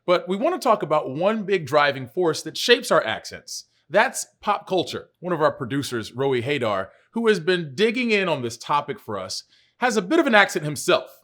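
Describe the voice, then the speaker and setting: Animated male news host. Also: fairly high pitch, moderate pace. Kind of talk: scripted news presenting.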